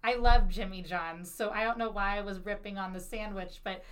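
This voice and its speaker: At a moderate pace and medium pitch, a young woman podcast host spins a comic anecdote in casual conversation. She's lively, voicing other people's lines, breaking into laughter partway through sentences and cursing without hesitation.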